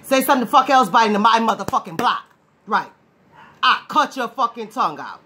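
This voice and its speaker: Loud, profane woman ranting, high and bright. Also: lively intonation, a little fast. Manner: loud, profane, confrontational, repeats herself. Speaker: online ranter. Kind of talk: angry direct-to-camera rant.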